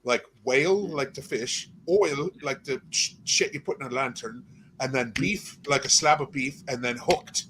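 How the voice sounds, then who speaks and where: A man's voice: medium pitch, measured pace, a bit bright, slight background noise, rough recording. A tired man talking as a guest on a casual livestream chat, laid-back and swearing casually.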